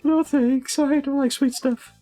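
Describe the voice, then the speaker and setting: A meek young prisoner, put on by a man, speaks high in a flat, mellow voice and stumbles over his words. Soft game music plays underneath. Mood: timid. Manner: stammering, halting.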